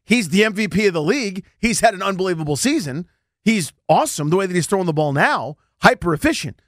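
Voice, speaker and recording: Male sports host, lively pitch, dry studio sound, animated. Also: quick pace, dry recording. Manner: animated, voice jumps up when excited. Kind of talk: sports talk show.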